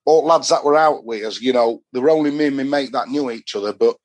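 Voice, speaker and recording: A man's voice: mid-range voice, fast. Chatty Yorkshire man telling stories. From Doncaster, Yorkshire, England. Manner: chatty, rambling, dialect-heavy. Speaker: podcast guest. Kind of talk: casual storytelling.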